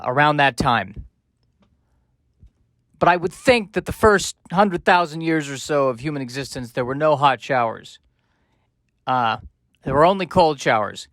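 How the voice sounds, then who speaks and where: A man's voice: medium pitch, normal speed, long pauses, fairly bright tone, no echo. A man hosting a podcast, rambling through comic, self-mocking asides in a casual monologue. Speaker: podcast host.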